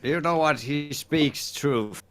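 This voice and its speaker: A man's voice: on the high side, slow, fairly bright tone. A man playing in a tabletop game, talking in an amused way. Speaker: player. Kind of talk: casual tabletop play.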